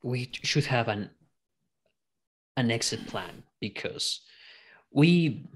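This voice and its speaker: A man's voice: mid-range voice, lively intonation, slow, husky. Hesitant man talking at a game table. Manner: hesitant, stammers on restarts. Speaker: player. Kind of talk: casual chat in a tabletop game.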